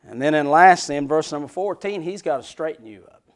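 A man preaching a folksy sermon, moving from hushed near-whispers to loud shouts. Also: a little high, expressive, a little fast. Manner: folksy, laughs between points. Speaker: pastor.

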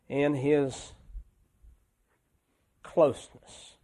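A man with a voice on the high side and a dark tone preaches a sermon. He tells folksy stories slowly, building into emphatic, rising swells.

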